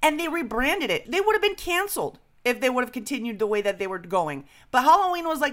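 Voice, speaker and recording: A woman co-hosting a podcast, telling stories in an animated, joking way and swearing freely. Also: high-pitched, brisk, few pauses. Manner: animated, swearing, jokey storytelling. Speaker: podcast co-host. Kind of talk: casual chat.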